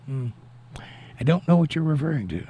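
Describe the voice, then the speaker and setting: Reading out chat messages on his relaxed livestream, this man answers prayerfully and gives thanks to God. His voice is a little high, husky, and dark in tone, and he speaks fairly quickly and very animatedly.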